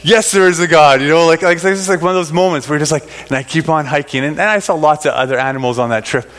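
Slightly high and fast, with a fairly bright tone, a middle-aged man wanders through a personal story for his congregation, often restarting and using fillers. His words echo with the long reverb of a big hall.

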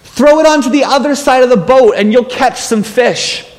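A man's voice: very high-pitched, moderate pace, pitched above the performer's own voice. A pastor voicing Jesus as an adult man calling insistently from the shore, in a hall with a long reverb. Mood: urging. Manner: shouting, insistent.

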